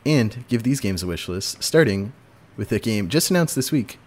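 A man's voice: on the low side, expressive, moderate pace, darkish tone. A man hosting a casual podcast chat, talking loosely with fillers and frequent laughs. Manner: chatty, laughs often, fillers. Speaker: podcast host.

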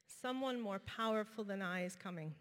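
A woman's voice: medium pitch, moderate pace. Woman preaching in a reverberant hall. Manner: conversational, many fillers. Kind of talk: sermon with personal story.

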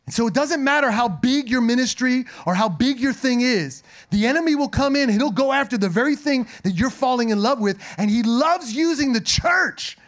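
A middle-aged man with a slightly raspy voice, preaching a conversational sermon full of humorous asides and personal stories. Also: very high-pitched, lively intonation, normal speed, few pauses, fairly bright tone. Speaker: pastor. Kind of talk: sermon with storytelling.

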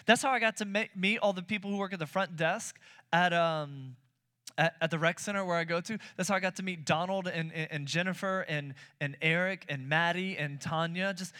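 A man in his thirties preaching a sermon as pastor, telling stories animatedly, acting out his own quotes and repeating words when excited. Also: sits high, fairly quick. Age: 30s.

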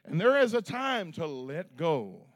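A man preaching a sermon as pastor, swinging between loud, shouted peaks and quiet, low asides. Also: very animated, a little slow.

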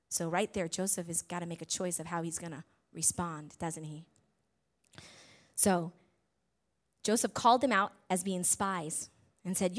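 A woman preaching a sermon, retelling a story in a conversational way, full of tag questions and big swings between loud and soft. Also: mid-range voice.

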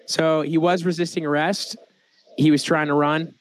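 A man's voice: fairly high pitch, flat delivery, moderate pace. A young American man hosting a casual podcast, joking around and laughing often. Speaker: podcast host.

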